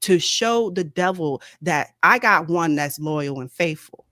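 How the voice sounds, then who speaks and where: A woman's voice: sits low, expressive, a little slow, sharp tone, no room sound, studio quality. A woman in a casual faith discussion, insistent and questioning, holding the floor to press her point.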